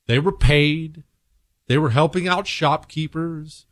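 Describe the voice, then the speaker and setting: A man hosting a talk radio show, speaking bluntly and sarcastically, swinging between low mutters and loud outbursts. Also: slow, no room sound, clean studio sound. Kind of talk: opinionated talk radio monologue.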